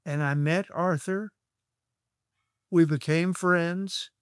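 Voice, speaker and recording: An older man from Texas, a guest on an interview show, telling stories from his past in an unhurried, anecdotal way. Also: a little high, steady tone, no room sound, clean studio sound. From Texas, USA. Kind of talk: reminiscing storytelling.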